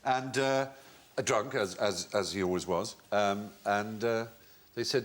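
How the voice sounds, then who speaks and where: A man's voice: fairly low pitch, a little slow. A man hosting a quiz show, telling comic anecdotes and putting on voices with theatrical flair. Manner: theatrical, plays the voices in his anecdotes with lively swings. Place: television studio with audience.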